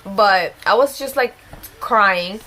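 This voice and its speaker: A woman's voice: mid-range voice, slow pace, sharp tone, a little hiss or hum. A young woman telling a personal story in a chatty, emotional vlog style, often exclaiming. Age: young adult. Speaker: vlogger. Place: at home with a small child.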